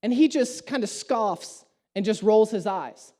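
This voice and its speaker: A man's voice: high-pitched, expressive, measured pace, dark tone. A man, a pastor preaching a sermon and telling a story with humor and animation. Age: 30s.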